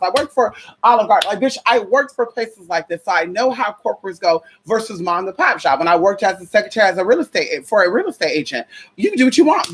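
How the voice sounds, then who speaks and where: A woman's voice: on the high side, slight background noise. A young adult woman from the United States in a casual opinion rant, sassy and profane, calling listeners honey and girl. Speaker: spiritual vlogger.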